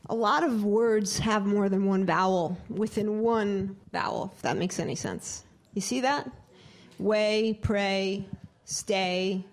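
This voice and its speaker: A woman's voice: mid-range voice, slow pace. Woman choir director, teaching a singing class, asks the group questions, sings examples. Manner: demonstrates by singing words. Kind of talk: live singing workshop.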